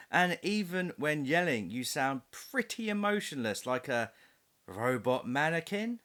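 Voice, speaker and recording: A man's voice: a little high, sing-song, measured pace, pushed and bright. A man doing a comedic voice-over review of a film, sarcastic and mocking, with frequent laughs.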